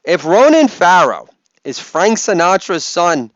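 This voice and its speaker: A man doing a stand-up comedy routine on stage, delivering crude rapid-fire one-liners and mock hype calls to the crowd. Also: high voice, big pitch swings, fairly bright tone, no room sound, lo-fi sound.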